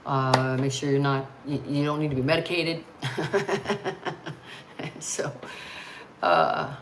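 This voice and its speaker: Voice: medium pitch, fairly even intonation, slow pace, background noise. An American host talking casually and bluntly on a livestream, ranting with frequent swearing. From United States.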